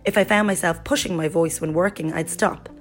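A woman with a somewhat low voice reads a personal account in the first person, as scripted narration. Her delivery is even and storytelling in tone, with faint music playing underneath. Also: fairly quick. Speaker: guest reader voicing a friend's blog.

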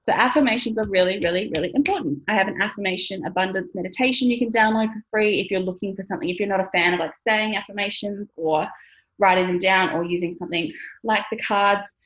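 A woman's voice: medium pitch, fast talker, fairly bright tone, low-quality recording. A woman in her thirties, talking casually to camera as a money mindset coach, chatty, laughing often and swearing now and then.

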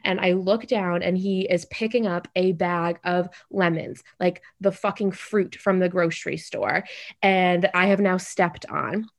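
A young adult woman telling a funny story in casual podcast chat, animated and full of "like". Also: fairly low pitch. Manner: animated, fast, heavy use of "like".

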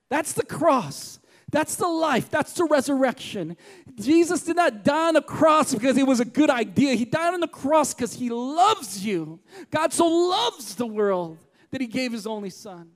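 A man's voice: very high-pitched, lively intonation, a little slow. A middle-aged man preaching a sermon in church, passionate and emphatic, repeating key lines for weight. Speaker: pastor.

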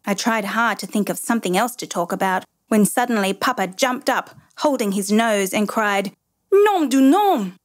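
A woman narrating a children's story in a measured, gently expressive reading. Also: mid-range voice.

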